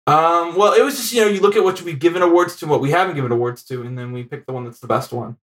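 A man with a fairly high voice co-hosts a casual movie podcast. He talks in an animated, chatty way and often breaks into laughter. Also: racing. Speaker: podcast co-host. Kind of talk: casual film podcast chat.

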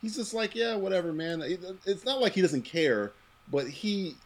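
The podcast host here has a voice that sits high and talks a little slowly. His casual chat is animated and profane, punctuated by frequent laughter.

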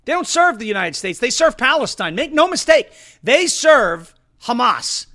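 A man's voice: very high voice, big pitch swings, a little fast, sharp tone. A man hosting a political talk show, reading ads and getting heated and emphatic. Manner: emphatic, rising to heated outbursts. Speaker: show host.

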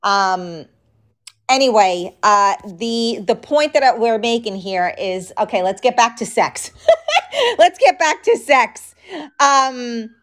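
Host: New York woman in her thirties, frank, chatty live-stream talk, unhurried delivery. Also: a little high. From New York, the Bronx. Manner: chatty, frank, reads and answers viewer comments. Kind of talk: casual live-stream chat.

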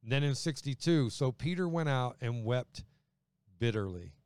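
A man's voice: medium pitch, animated, normal speed, a little mellow, smooth, no echo. A man preaching a sermon in a conversational way, acting out quoted voices as he goes. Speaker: pastor.

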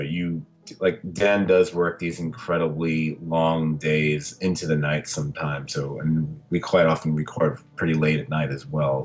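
A man's voice: rumbling low, highs cut off. A man hosting a podcast in a casual, rambling, laid-back way, often restarting his sentences. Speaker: podcast host.

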